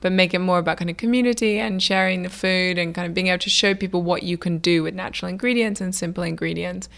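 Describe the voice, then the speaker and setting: A young woman, a food business founder, telling stories in a casual interview in a chatty, lively way, acting out what people said. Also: lowish voice, fast, creaky. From United Kingdom. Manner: chatty, lively, many "like" fillers, acts out quoted dialogue.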